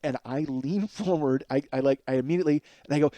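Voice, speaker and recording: A man in his forties tells a comic story alone on his podcast, animated and cheerfully profane, often laughing at himself. His voice sits a little high but has a mellow, relaxed tone. The sound is close and dry. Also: fast talker, few pauses, no room sound. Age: 40s. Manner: animated, profane, self-mocking. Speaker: podcast host. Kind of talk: solo comedic storytelling.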